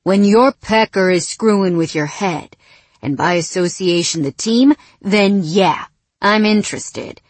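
A woman's voice: medium pitch, unhurried, slightly rough, dry recording. Brief: intense, blunt young quarterback, dry close read, woman narrator voicing him. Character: intense blunt male quarterback, protective friend.

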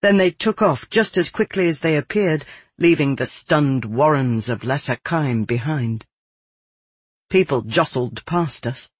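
A man reading a dark first-person novel aloud in a measured, grim storytelling manner. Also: on the high side, expressive, breathy edge, no echo. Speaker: audiobook narrator. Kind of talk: scripted first-person fiction narration.

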